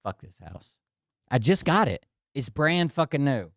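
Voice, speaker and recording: A man's voice: medium pitch, very animated, measured pace, gravelly, no echo, clean studio sound. A man vlogging from indoors at his home, telling a rambling, profane story straight to his viewers.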